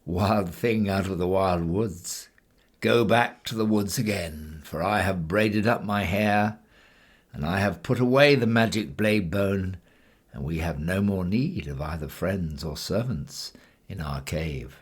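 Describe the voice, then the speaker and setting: A man's voice: sits low, measured pace, slightly rough. A man voicing a wise, self-assured cave woman who teases and bargains in a storybook reading. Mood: mocking.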